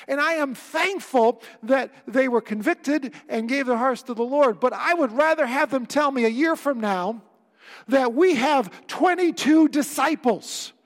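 A man's voice: extremely high pitch, a little slow. A male pastor preaching a sermon, earnest and emphatic, with wry asides to the congregation. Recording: long reverb of a church hall.

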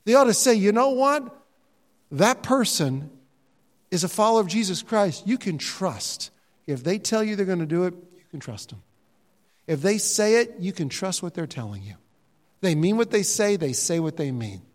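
An older man preaching a sermon, animated and jokey, sometimes mimicking other voices. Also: high voice, moderate pace. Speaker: pastor. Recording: reverberant hall sound.

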